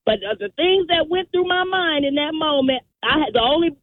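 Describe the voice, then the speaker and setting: Brisk and high-voiced, a female caller tells the talk show a story, doing voices for each person in it. The call comes through a tinny phone line, dry with no echo.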